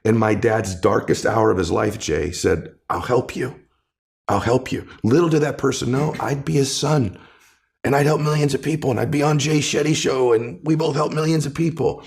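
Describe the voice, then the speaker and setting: A man's voice: mid-range voice, steady tone, a little fast, vocal fry, darkish tone. A man speaking as a guest author in an interview, giving impassioned motivational talk that builds with repeated, rising phrases.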